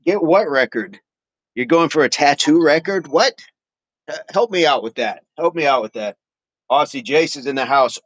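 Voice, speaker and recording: A man's voice: mid-range voice, lively intonation, normal speed, a bit bright, dry recording. Guy chatting on his workout livestream, laughs a lot, repeats himself, dry sound. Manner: chatty and playful, laughs often, repeats phrases. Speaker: fitness livestream host. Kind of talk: casual livestream chat, reading viewer comments aloud.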